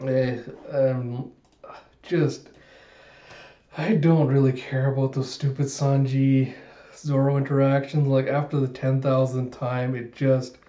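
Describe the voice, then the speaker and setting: Casual male reviewer recapping a comic chapter, mellow voice, offhand and filler-heavy. Roomy, slightly muffled home recording. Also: mid-range voice, flat delivery, slow pace. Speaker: manga reaction YouTuber.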